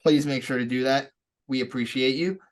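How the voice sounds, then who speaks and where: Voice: mid-range voice, steady tone, normal speed. A podcast co-host in casual chat, upbeat and joking while plugging the show. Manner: upbeat, jokey, plugs the show.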